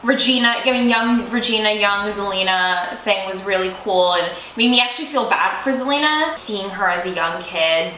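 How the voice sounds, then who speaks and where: A woman's voice: medium pitch, lively intonation, moderate pace, pushed and bright. A young woman co-hosting a casual TV review chat, gushing and giggly, swearing casually. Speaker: co-host. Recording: echoey room with faint hiss.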